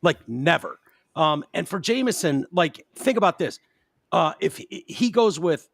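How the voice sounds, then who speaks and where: Male podcast host, a bit higher than most, animated with mocking impressions, casual chat. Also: a little slow, creaky, breathy edge, dry recording, studio quality.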